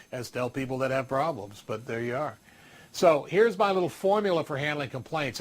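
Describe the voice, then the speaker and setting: A man giving a conversational talk to an audience, acting out guests and managers in quick quoted lines, with dry asides. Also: mid-range voice. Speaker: speaker on restaurant service.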